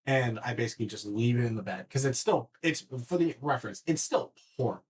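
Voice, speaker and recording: A man on a casual podcast, telling a story in an animated way, swearing freely and often restarting his sentences. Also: medium pitch, brisk.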